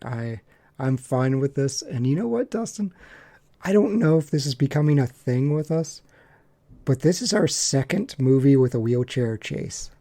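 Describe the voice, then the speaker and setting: A man with a mellow, relaxed voice weighs in on a film during a casual podcast chat. He builds his points step by step, with a dry, wry edge. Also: medium pitch, normal speed. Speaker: podcast co-host. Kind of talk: casual movie discussion.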